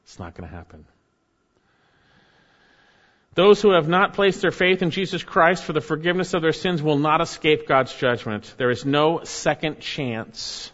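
Male pastor preaching, earnest, dips low and quiet for emphasis; muffled sound with long hall echo. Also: expressive, normal speed, hardly any pauses. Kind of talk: sermon.

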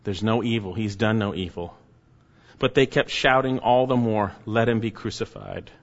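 A man with a lowish voice preaches a sermon, leaning slowly and emphatically on each phrase before letting it fall to a hush. A long hall echo surrounds him, and the recording is dull and lo-fi.

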